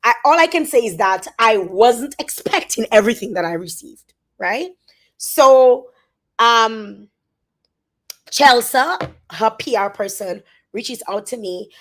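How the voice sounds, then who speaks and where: A woman with a Dominican accent, talking on a phone live stream. She speaks haltingly and repeats words as she tries to stay composed. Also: fairly high pitch, expressive. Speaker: social media influencer. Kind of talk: emotional live-stream monologue.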